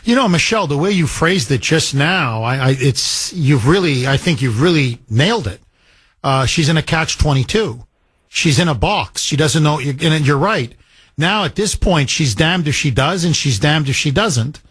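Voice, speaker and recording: A man's voice: fairly high pitch, expressive, normal speed, a bit bright, slightly rough, no room sound. A man hosting a political talk radio show, speaking in a heated, emphatic way and driving his points home with repetition.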